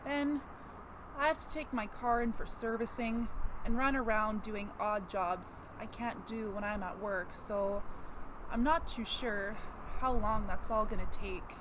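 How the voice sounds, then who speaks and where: A woman's voice: mid-range voice, steady tone, unhurried, noisy background, natural voice. A woman playing a meek man making excuses. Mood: hesitant. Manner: hesitant, rambling excuses.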